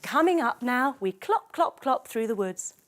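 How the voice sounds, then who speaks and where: A woman teaching yoga to children through a bedtime story, giving gentle, playful, coaxing instructions. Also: a little high, big pitch swings, measured pace.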